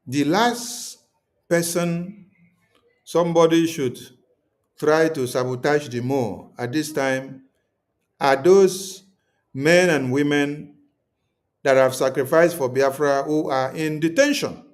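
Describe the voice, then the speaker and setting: A livestream host speaks to his viewers in a somewhat high male voice, slowly and with frequent pauses. He's emphatic and keeps repeating his points, taking on a preaching tone.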